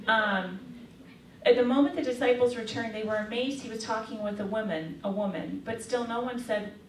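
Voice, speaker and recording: A woman's voice: fairly high pitch, normal speed, slight background noise. A woman giving a casual faith talk to young women, telling a story in a chatty way with lots of fillers. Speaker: speaker. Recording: echoey room, mic far off.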